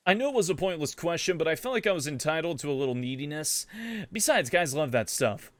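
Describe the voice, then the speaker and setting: A streamer man narrating as a sarcastic young woman, with wry, deadpan asides over faint music. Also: a little high, fast talker, lightly acted. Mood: snarky. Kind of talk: comedic in-character narration.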